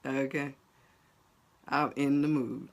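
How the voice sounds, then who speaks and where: A woman's voice: on the low side, slow pace. A woman from New Jersey with a New Jersey accent, a life coach chatting casually and bluntly to her viewers. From New Jersey, USA. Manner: blunt, animated, talks straight to viewers with frequent laughs. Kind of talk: casual livestream chat to viewers.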